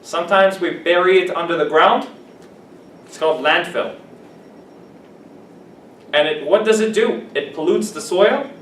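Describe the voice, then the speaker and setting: Guy teaching english vocab, repeats words back at the class, kinda higher voice, roomy classroom, mic far off. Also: unhurried, pauses often, fairly bright tone. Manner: explains words, then repeats and checks them with the class. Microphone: camera at a distance. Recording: echoey classroom from far off with faint hiss.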